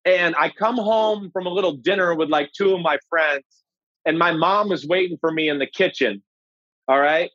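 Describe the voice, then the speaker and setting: A man in his forties, a former pro quarterback, casually telling a draft story with animated, profane energy. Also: a little high, normal speed, dry recording, dull audio. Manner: animated, profane, acts out quoted voices. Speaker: former NFL quarterback, podcast guest.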